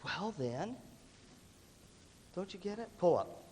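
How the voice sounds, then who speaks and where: A middle-aged man leading a workshop for students, energetic and playful, often acting out other people's voices. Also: sits high, slow pace, slight background noise. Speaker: music clinician. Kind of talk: animated workshop talk to students. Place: large hall with a live audience. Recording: hall reverb from a big room.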